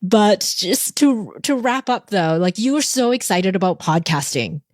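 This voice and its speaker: A woman hosting a podcast interview, lively and laughing often as she wraps up and speaks to listeners. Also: mid-range voice, measured pace, dry recording, studio quality. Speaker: podcast host. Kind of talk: casual interview chat.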